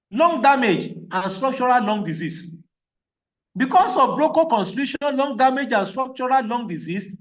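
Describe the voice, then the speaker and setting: A man lectures on physiotherapy in a high-pitched, emphatic voice, stopping often to ask whether the class is following. He sounds set back from the microphone. The recording is dull and muffled. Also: a bit bright, recorded from a distance. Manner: emphatic, repeats questions to check understanding. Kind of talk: online training lecture.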